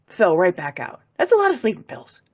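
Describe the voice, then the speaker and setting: Her lowish voice swoops wildly in pitch as this author, a podcast guest, tells a personal story at a measured pace. It's emotional conversation, delivered candidly with free swearing and laughter through hard moments.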